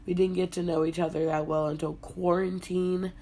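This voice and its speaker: Congested young woman, low and gravelly. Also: level tone, moderate pace, warm tone. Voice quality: hoarse, husky from illness. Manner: low-energy, laid-back. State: congested, sick. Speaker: podcast host. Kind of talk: casual solo podcast chat.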